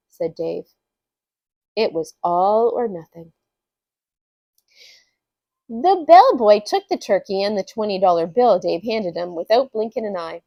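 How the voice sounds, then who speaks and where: A woman reading a funny story aloud as a storyteller, with an expressive, unhurried delivery. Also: mid-range voice, dry recording.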